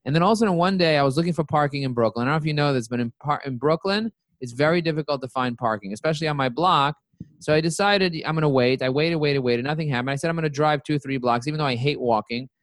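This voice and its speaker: Man, CEO guest, lively storyteller, higher-pitched, dry close sound. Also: quick pace, no room sound. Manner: lively storyteller who acts out his own quotes. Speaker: interview guest, company CEO. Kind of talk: casual storytelling interview.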